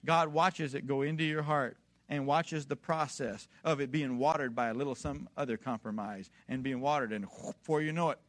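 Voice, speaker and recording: A male preacher delivering a sermon in a somewhat high voice. He talks straight to his congregation with rhetorical questions. He swings from hushed storytelling to forceful, rising exhortation. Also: normal speed. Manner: emphatic, rising to loud exhortation.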